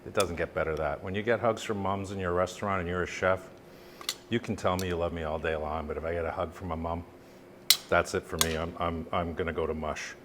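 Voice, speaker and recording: A man cooking and demonstrating a recipe as a chef, chatting with jokes and lively asides. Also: deep voice, a little fast. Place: kitchen, cooking at the stove. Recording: sizzle and kitchen noise. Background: sizzling pan.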